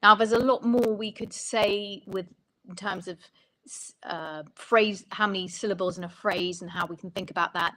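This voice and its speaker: In an interview, a woman who coaches songwriters explains how to write melodies and lyrics. Her voice is fairly low yet fairly bright, the recording is rough, and she's thoughtful, pausing often to rephrase.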